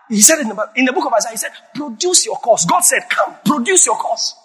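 A man's voice: very high voice, sing-song, fast, hardly any pauses, slightly rough. Emphatic preaching man in echoing hall. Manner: emphatic preaching, sudden shouts. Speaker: pastor. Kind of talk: sermon. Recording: long reverb of a large hall.

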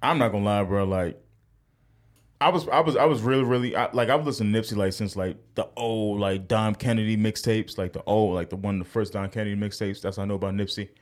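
A man hosting a casual podcast with a somewhat low voice. He talks in a laid-back, profane way and often restarts his sentences. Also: fairly even intonation, fast. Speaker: podcast host.

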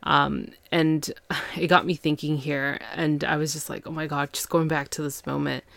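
Female podcast host, low gravelly voice, dry close sound, casual chatty recap. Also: little pitch movement, normal speed, fairly bright tone, dry recording. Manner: chatty, laughs often, acts out characters' lines. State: tired after a long day. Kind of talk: casual chat.

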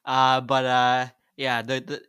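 A man's voice: medium pitch, monotone, slow, a bit bright, clear, resonant tone, dry recording, clean studio sound. A man co-hosting a casual podcast, blunt and profane, laughing often. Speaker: podcast co-host.

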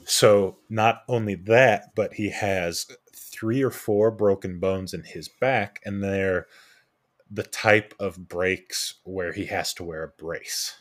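Young adult male podcast co-host, low register, casual storyteller who acts out the people he quotes. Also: slow. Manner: animated anecdote-telling with quoted voices and restarts.

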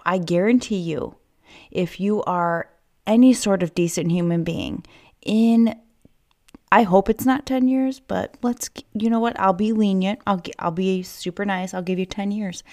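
A woman's voice: mid-range voice, a little slow, a little mellow. Fired-up, swearing woman podcaster. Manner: fired up, swearing, rambling asides. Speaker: podcast host. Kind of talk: casual solo podcast monologue. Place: inside a child's play tent at home.

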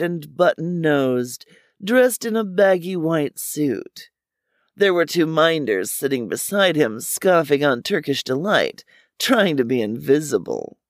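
A man's voice: a little high, no room sound, clean studio sound. Wry man narrating crime story. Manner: wry, deadpan.

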